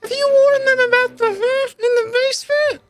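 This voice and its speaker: A man's voice: very high voice, fairly even intonation, normal speed, over loud music, voice pushed up. A man voicing a tiny, polite male mouse-folk first mate with a prim, courteous manner.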